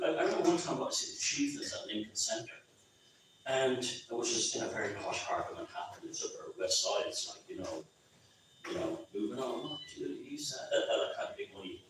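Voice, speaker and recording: A man's voice: medium pitch, lively intonation, a little fast, slight background noise. An Irish man giving an informal, rambling talk at a book launch, full of asides and restarts. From Ireland. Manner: rambling, conversational, many restarts. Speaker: author speaking at his book launch. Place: pub function room. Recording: very echoey, distant, lo-fi room recording.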